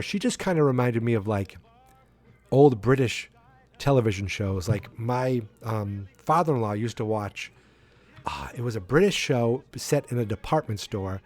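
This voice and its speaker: A man hosting a podcast who recaps an episode in a loose, rambling way. He keeps stopping to restart his sentences and reaches for fillers again and again. His voice sits at an ordinary middle pitch. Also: lively intonation, normal speed, a little mellow. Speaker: podcast host.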